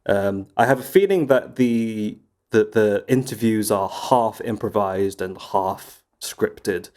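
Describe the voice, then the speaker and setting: A man's voice: lowish voice, slow, a little mellow. A man co-hosting a casual podcast chat, rambling through stories and laughing often. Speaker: podcast co-host.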